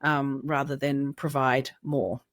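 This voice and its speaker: A woman with an Australian accent, a podcast co-host and sleep practitioner, giving calm, reassuring parenting advice. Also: extremely low pitch, slow pace, no echo, studio quality. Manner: gentle, reassuring, steady. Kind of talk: advice chat.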